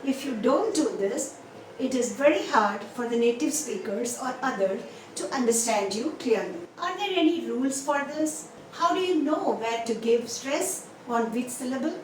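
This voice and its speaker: A woman teaching English pronunciation, asking questions and answering them herself, and repeating example words slowly. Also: high voice, animated. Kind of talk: pronunciation lesson. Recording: echoey room, mic a bit distant, faint noise.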